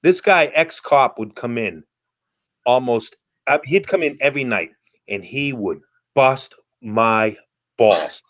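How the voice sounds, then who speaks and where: A man's voice: medium pitch, lively intonation, takes it slowly, fairly bright tone. Profane man telling a story. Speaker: live streamer hosting a panel. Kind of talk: casual chat, telling a story.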